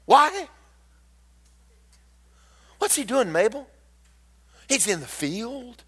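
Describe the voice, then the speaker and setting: A male preacher delivers an animated sermon, acting out scenes and teasing his listeners. His voice sits high for a man and leaps all over the place in pitch. The tone is bright and forceful. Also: moderate pace, long pauses, husky. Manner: animated, storytelling, mocking asides.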